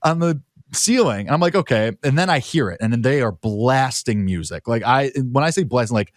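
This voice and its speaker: Male co-host, mid-pitch voice, dry close sound, loose rambling storyteller. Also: animated, fairly quick, no room sound. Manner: rambling anecdote full of "like" fillers. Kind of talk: casual chat.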